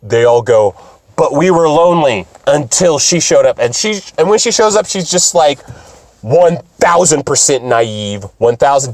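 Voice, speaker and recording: A young man doing a profane, excitable, rambling comedic recap of an anime. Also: mid-range voice, no room sound. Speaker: video host.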